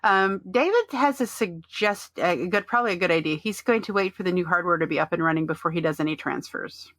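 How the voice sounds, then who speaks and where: A woman co-hosts a casual gaming podcast, talking in a loose, rambling way with frequent fillers and restarts. Her voice is bright and forward, and the recording is dry and close. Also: on the low side, brisk, no room sound. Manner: reads out listener chat messages. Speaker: podcast co-host. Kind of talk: casual chat about an online game.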